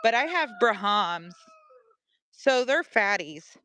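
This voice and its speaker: Casual vlogger, middle-aged woman, clear voice, outdoors, chatty and talks to her pets. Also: mid-range voice, big pitch swings, slow pace, pushed and bright, dry recording. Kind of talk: casual walk-and-talk vlog. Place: outdoors in a backyard with animals.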